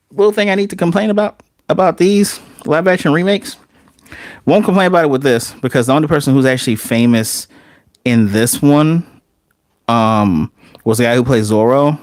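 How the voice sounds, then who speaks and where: A man who reviews movies, giving casual, animated, sarcastic commentary with some swearing. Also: fairly high pitch, moderate pace, no room sound, clean studio sound.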